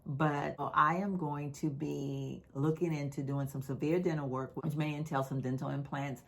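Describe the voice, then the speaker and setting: Deep gravelly woman with a slight lisp. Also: fairly even intonation. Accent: Texan. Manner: candid, personal, unhurried. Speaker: vlogger. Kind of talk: casual talk to camera.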